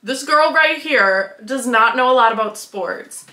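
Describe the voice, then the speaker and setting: A young vlogger from Wisconsin, USA, tells a story casually, bubbly and giggly, saying "like" constantly and acting out quotes. Her high-leaning voice is animated, bright and forceful, and she speaks unhurriedly. The room sounds echoey.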